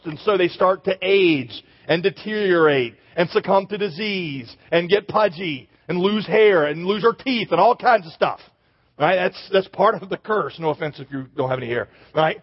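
A husky man with a high voice preaches a sermon in a lively, joking way, often turning to his listeners. His voice rings through a big hall with a long echo. The sound is dull and muffled. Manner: animated, joking, addresses the audience directly.

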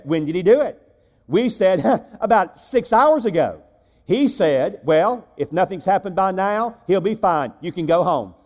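A man's voice: sits high, darkish tone. A middle-aged man preaching a sermon, telling stories and acting out the voices of a child and a father. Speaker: pastor. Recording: long reverb of a large hall.

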